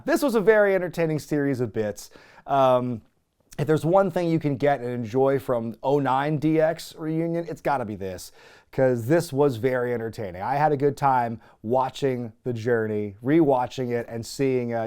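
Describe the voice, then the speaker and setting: A man hosting a comedic recap show, sarcastic and swearing freely, laughing often as he gets excited. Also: on the high side, clean tone. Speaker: host.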